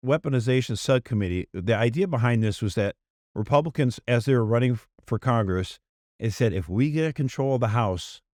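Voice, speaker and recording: A man co-hosting a casual podcast chat, talking in an animated, exasperated way and putting on mocking voices when he quotes people. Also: medium pitch, dry recording, studio quality. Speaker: podcast co-host.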